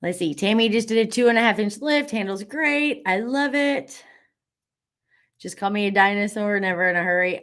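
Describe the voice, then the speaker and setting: A woman's voice: medium pitch, lively intonation, moderate pace, fairly bright tone. A woman hosting a live online class, bubbly and encouraging, reading out viewer comments with lots of fillers.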